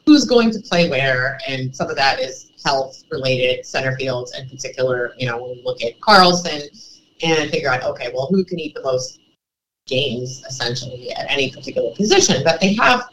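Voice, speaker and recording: A woman's voice: rumbling low, animated, moderate pace, a bit bright, slight background noise, rough recording. A middle-aged woman co-hosting a sports podcast, chatting casually in a giggly, rambling, jokey way. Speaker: podcast co-host.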